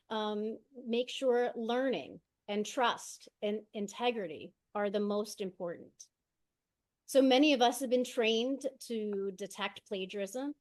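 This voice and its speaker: Soft-spoken woman presenting on a video call. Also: fairly high pitch. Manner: steady explaining, often tags "right?". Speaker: conference presenter, educator. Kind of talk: online conference presentation. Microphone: video call mic, set far from her.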